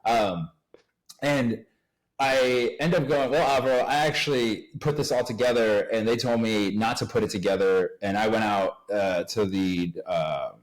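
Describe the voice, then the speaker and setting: Here a podcast guest from Uruguay, whose voice runs fairly low, recounts events at an unhurried pace, animated and relaxed as he voices the other characters himself. The audio quality is poor.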